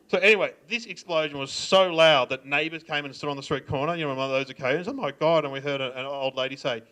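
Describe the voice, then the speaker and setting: A man's voice: on the high side, normal speed. A middle-aged man with an Australian accent doing stand-up storytelling before a live audience, acting out the voices of others and laughing often. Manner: animated, acts out voices of family and cops, laughs often. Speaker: stand-up comedian.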